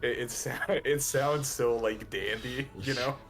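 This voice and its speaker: A man speaking as a guest on a stream in relaxed casual chat, full of fillers like "like" and "um". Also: medium pitch, takes it slowly, faint music behind. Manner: relaxed, filler-heavy, laughs easily.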